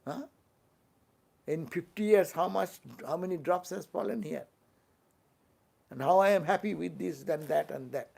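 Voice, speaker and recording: Slight background noise sits behind this older monk's high, very animated voice, which has a darkish tone and vocal fry. Speaking English with an Indian accent, he gives a fervent spiritual talk, asking his listeners questions and slipping in quick tag-questions.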